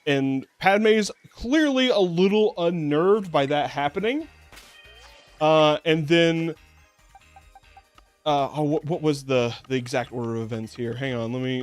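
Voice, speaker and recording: A man's voice: mid-range voice, measured pace, faint music behind. A man streaming a game and chatting casually, rambling with lots of fillers and restarts, sarcastic and swearing now and then. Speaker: VTuber streamer. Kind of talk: casual gameplay commentary.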